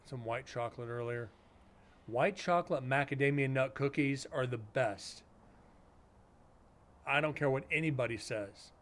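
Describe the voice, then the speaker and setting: A male streamer talking casually to his chat, blunt and sarcastic, cursing often. His voice sits at an ordinary middle pitch for a man. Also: unhurried, pauses often, fairly bright tone, slight background noise. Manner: blunt, sarcastic, swears freely.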